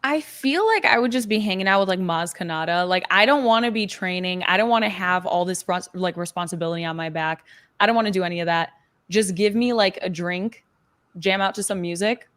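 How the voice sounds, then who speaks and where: A woman's voice: on the low side, brisk, fairly bright tone. A woman guest chatting casually and easygoingly on a live stream. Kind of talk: casual chat.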